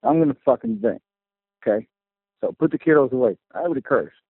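A man's voice: medium pitch, expressive, slightly rough, dry recording. A man calling in to a fan show to vent his fury, swearing constantly as he rants. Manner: furious, profane, fast venting. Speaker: caller. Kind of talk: angry call-in rant. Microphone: phone. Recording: tinny phone line.

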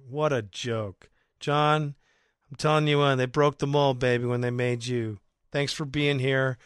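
Excitable, rambling man hosting a fan podcast. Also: on the high side, clear, resonant tone, no room sound, studio quality. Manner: excitable, rambling, swears freely. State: voice going hoarse. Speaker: podcast host. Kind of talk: casual fan podcast monologue.

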